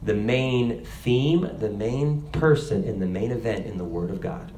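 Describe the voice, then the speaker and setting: A man's voice: on the low side, a little slow, mellow. A man preaching a sermon, asking the congregation rhetorical questions and reading scripture aloud.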